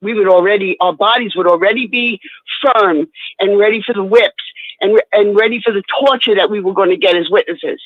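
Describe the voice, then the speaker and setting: A woman guest speaking candidly in an interview, plain-spoken and halting, often repeating words as she goes. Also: mid-range voice, no echo. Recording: dry, tinny phone-line sound.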